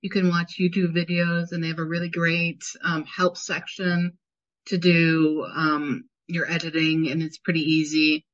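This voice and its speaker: Slow-talking woman, low dull sound. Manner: relaxed, gives practical tips with fillers. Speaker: podcast co-host. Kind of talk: casual chat.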